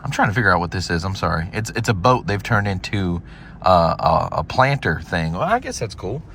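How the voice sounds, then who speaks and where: This paranormal vlogger, a Floridian with a Southern country twang, talks casually and cusses freely in a rambling, jokey way while a companion films him on a handheld phone. His deep voice is very animated, a little fast and a bit bright, over faint background noise.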